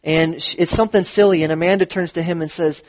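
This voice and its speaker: Animated high-voiced male pastor. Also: fast. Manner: animated storytelling with acted quotes. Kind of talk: sermon. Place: church.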